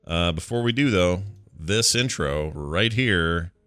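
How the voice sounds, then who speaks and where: A man's voice: sits low, animated, slow pace, sharp tone, smooth, dry recording. A man hosting a podcast in casual chat, joking and bantering playfully. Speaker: podcast host.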